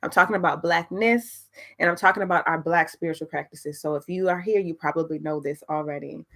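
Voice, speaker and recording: A young woman hosting her podcast on a livestream, chatting in an excitable, slangy way that is close to tears of joy. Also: low-pitched, brisk. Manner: excitable, laughing, emotional, slangy. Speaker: podcast host. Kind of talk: casual livestream chat.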